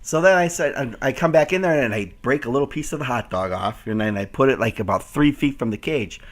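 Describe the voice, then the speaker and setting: A man's voice: medium pitch, expressive, fast. A man hosting a casual chat, telling a funny story and mimicking baby talk to a dog. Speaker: host.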